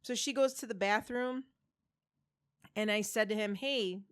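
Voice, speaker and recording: Podcast co-host, woman in her forties, middle pitch, lively storyteller who does voices and swears, dry close mic. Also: unhurried, smooth, no room sound. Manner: animated storyteller, acting out quoted voices, swearing freely. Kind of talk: casual chat, storytelling.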